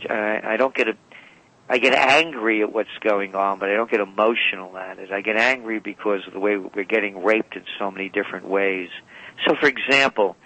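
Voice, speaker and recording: Bright-voiced man telling rambling stories. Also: on the low side, no echo, poor audio. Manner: rambling, self-correcting anecdotes. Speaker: guest. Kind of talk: storytelling interview talk. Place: radio call-in or studio.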